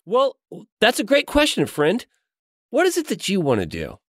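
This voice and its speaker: A man playing a smooth-talking, charismatic self-help pastor in an improvised comedy role-play, with an oily, overly friendly pitchman delivery. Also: huge pitch swings, moderate pace, no echo, studio quality, heavily acted. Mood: smarmy.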